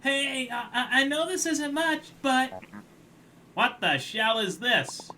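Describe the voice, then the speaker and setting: A man doing a squeaky, nervous little hermit crab. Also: sing-song, slow pace, bright, forceful tone, far from the mic, a little hiss or hum, exaggerated voice. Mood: nervous, pleading. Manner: high, squeaky, anxious. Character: timid young hermit crab, nervous loner.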